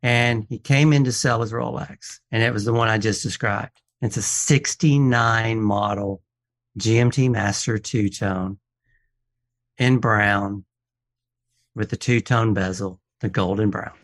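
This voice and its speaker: A watch appraiser appears as a guest on a laid-back radio show, telling stories and playing the characters in them. His voice is fairly low and a touch slow. He's an animated storyteller who quotes people's dialogue and often starts his sentences over.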